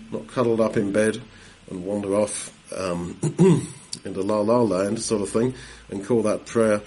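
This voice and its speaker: A man with a husky, slightly breathy voice teaches from the Bible in a relaxed, conversational sermon. He poses rhetorical questions to his listeners and now and then pauses to clear his throat. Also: mid-range voice. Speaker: preacher.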